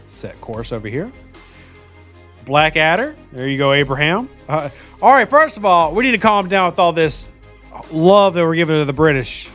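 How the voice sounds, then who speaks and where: A man streams a mobile game, chatting casually and joking, laughing often as he reads viewer comments aloud while he plays. His voice is on the high side and sing-song, a bit bright, at a moderate pace. Soft music plays in the background.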